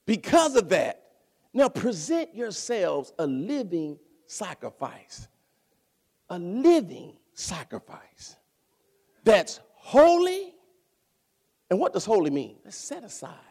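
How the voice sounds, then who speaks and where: A man preaching a sermon, animated, asking and answering his own questions and bursting into shouts. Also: high-pitched, gravelly.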